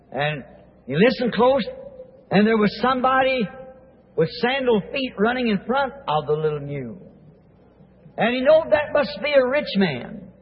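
A preacher with a very high, husky voice tells the story in vivid detail, stumbling and restarting as he goes. The recording sounds thin, like a telephone line, and it rings out in a large hall. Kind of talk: storytelling sermon. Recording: tinny echoey old hall recording.

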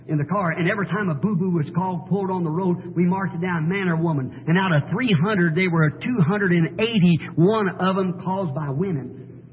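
A man preaching an impassioned sermon in folksy, plain-spoken phrasing, swinging from quiet pleading to shouting. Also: high voice. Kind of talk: fiery sermon. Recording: tinny, echoey old hall sermon tape.

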